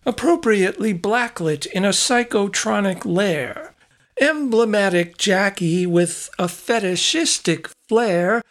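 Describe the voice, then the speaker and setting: A woman reading a whimsical poem aloud in a slow, rhythmic recitation. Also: on the low side. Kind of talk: poetry reading.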